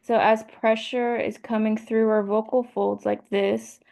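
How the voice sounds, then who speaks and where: A young woman giving a class presentation, explaining a model slowly and step by step and repeating her points. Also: fairly high pitch, little pitch movement, gravelly, a little mellow. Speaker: student presenter.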